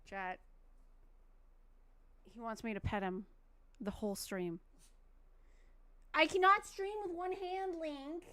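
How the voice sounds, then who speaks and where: Woman, high voice, dry close sound, casual stream chat, rambling, restarts sentences. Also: steady tone, slow pace, long pauses, no echo. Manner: softens into baby talk with her pet.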